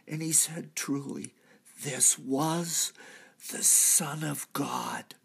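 A man's voice: a little high, creaky, slightly rough, heavily acted. A man playing a repentant thief from the crucifixion, telling his story earnestly in a church drama monologue. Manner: earnest storytelling, swelling to cries at key moments. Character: repentant male thief, crucified, now redeemed.

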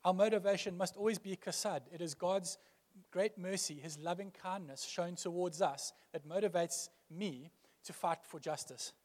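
A man's voice: high voice, moderate pace, darkish tone, long reverb tail. A male pastor preaching a sermon earnestly, building emphasis through repeated phrases.

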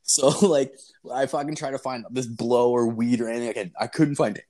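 A man's voice: medium pitch, fairly even intonation, brisk, darkish tone. A man casually telling a long story, rambling and swearing, often laughing as he goes. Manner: rambling, profane, laughing as he tells it.

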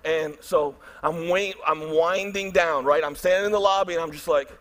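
A middle-aged man, preaching a storytelling sermon in an animated way and acting out his own thoughts. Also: on the high side, moderate pace. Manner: animated, acts out his own inner voice loudly. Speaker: pastor.

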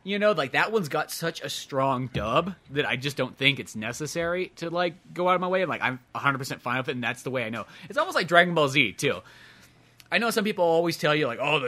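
Man, bright tone, slightly high pitch, casual podcast chat, rambling, swears, laughs. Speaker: podcast co-host.

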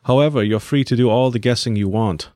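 A man voicing an impassive middle-aged male scientist who holds a prisoner, speaking slowly and without a smile. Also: medium pitch, dark tone, no echo, clean studio sound, close to an everyday voice. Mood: cold. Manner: slow, measured, unsmiling.

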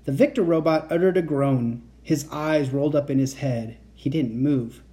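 A man's voice: a little high, moderate pace, mellow. A man reading a children's book aloud, narrating the story expressively and acting out the dialogue. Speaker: reader of children's books.

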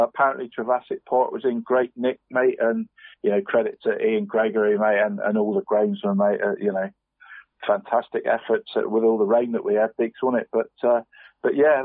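Weekend football scores get a loose, rambling run-through from a man whose voice sits in the middle of the male range. He's a radio results presenter doing a casual round-up, chatty and forever adding "mate". It comes through dry and tinny like a phone call, with no room sound.

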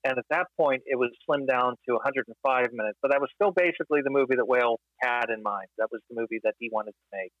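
A man discusses film history in a casual podcast, thoughtful and measured, often pausing on fillers. His voice sits in a middle range and sounds dry and close. The recording is a little dull and lo-fi. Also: medium pitch, no echo.

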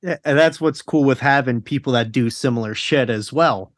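A man's voice: medium pitch, normal speed, no echo. Chill podcast host guy, rambles and laughs a lot, swears easy, dry sound. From South Jersey. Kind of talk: casual podcast chat.

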